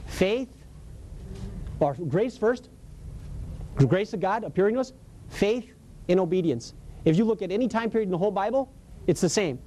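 A man leads a Bible study in a conversational sermon, emphatic and colloquial, telling stories and laughing often. His high, expressive voice has a dark tone, moderate pace, and long pauses, with slight background noise.

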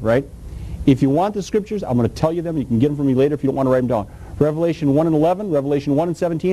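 Emphatic preacher, male, high lively voice, dark tone, rhetorical questions. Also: slight background noise, rough recording. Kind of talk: sermon.

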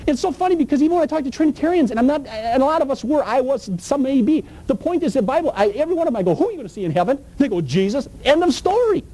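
Emphatic preacher, male, high lively voice, dark tone, rhetorical questions. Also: very fast, hardly any pauses, poor audio. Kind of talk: sermon.

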